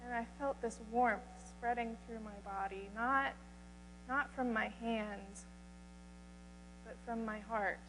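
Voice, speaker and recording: A woman speaking as a humble outcast woman who is desperate and then awed, in an earnest first-person retelling with halting restarts. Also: a little high, steady tone, fairly bright tone. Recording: reverberant hall, faint mains hum.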